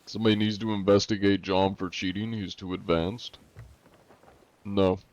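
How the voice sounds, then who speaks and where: A man's voice: low voice, flat delivery, normal speed, a little mellow, muffled recording. A man streaming a game and chatting with viewers in a joking, teasing way, with a put-on Russian accent. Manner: joking, teasing, playing a mock-Russian persona. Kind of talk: casual livestream gaming chat.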